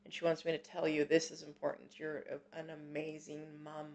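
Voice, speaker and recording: Soft-spoken woman with a gravelly flat voice. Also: deep voice. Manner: gentle, reassuring, halting with many fillers. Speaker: psychic medium host. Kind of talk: live-stream reading, casual chat.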